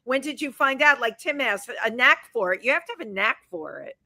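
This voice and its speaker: A woman's voice: on the high side, expressive, fairly quick, sharp tone, no echo. A woman hosting an interview show in a restaurant, encouraging the guest and chiming in with praise. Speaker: host. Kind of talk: casual interview chat.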